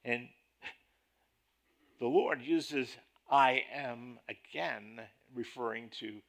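A man preaching a sermon as a pastor, deliberate and emphatic in his delivery. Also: medium pitch, creaky.

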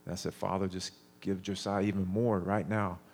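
A little hiss or hum sits under the recording of a man, seemingly in his thirties, giving a sermon at a normal speed. He speaks in a slightly low voice, relaxed and conversational, pausing and restarting as he tells his stories.

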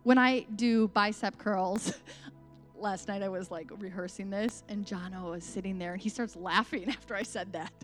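A woman's voice: mid-range voice, moderate pace, faint music behind. A woman giving a devotional sermon talk, earnest and emphatic, mixing preaching with casual asides.

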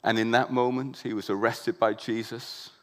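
A man preaching a sermon with passion, repeating words for emphasis and building to loud, emphatic peaks. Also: mid-range voice, little pitch movement, normal speed.

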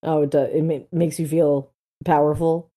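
A woman's voice: low voice, little pitch movement, moderate pace, mellow. A woman co-hosting a podcast in casual chat, hesitant and trailing off with fillers. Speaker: podcast co-host.

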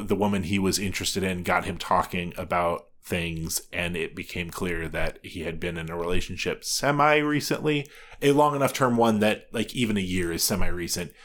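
Soft-spoken man, rambling casual chat. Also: low voice. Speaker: podcast co-host.

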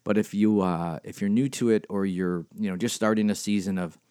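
A man's voice: lowish voice, fairly even intonation, a little fast, mellow, smooth, no echo, clean studio sound. A middle-aged man, a spiritual director and life coach, talking casually on his own podcast, rambling with lots of fillers and easy laughs. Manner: rambling, chatty, many fillers, laughs easily. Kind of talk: casual solo podcast talk. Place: home studio at a computer, typing heard.

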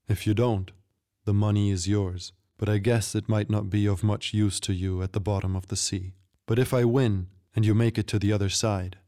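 A man voicing a calm, stern protector who gives quiet, firm commands. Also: fairly low pitch, lightly acted.

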